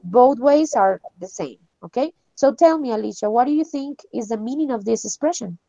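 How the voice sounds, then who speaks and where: High-voiced woman teaching English. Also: lively intonation, normal speed, creaky, dark tone, no room sound, lo-fi sound. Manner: encouraging, laughs often. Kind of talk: online English class.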